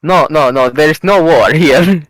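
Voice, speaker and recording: Slightly high and fairly bright, this tabletop player's voice moves at a slow pace as he shifts between himself and his character, laughing and hamming it up. It's casual in-character play, recorded dry and rough.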